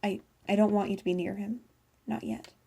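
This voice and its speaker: A woman voicing a gentle, sorrowful young brother who speaks softly and pleadingly. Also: medium pitch, little pitch movement, fairly quick, vocal fry, husky. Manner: soft-spoken, pleading.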